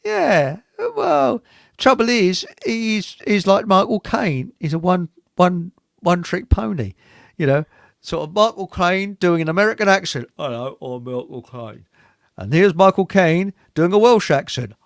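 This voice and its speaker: A British man rambles and cracks jokes as he hosts a casual talk show. His pitch rises and falls a lot and has a gravelly edge. The sound is dry and close. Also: lively intonation, dry recording. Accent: British English. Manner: joking, rambling, quick laughs. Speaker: show host. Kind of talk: casual chat.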